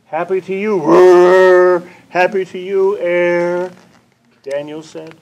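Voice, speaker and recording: An older man reads a children's picture book aloud at a library storytime, playing with sound effects and sing-song repetition before chatting with the kids. His high voice is unhurried and darkish with fairly even intonation. The community TV recording has faint room noise and the highs cut off.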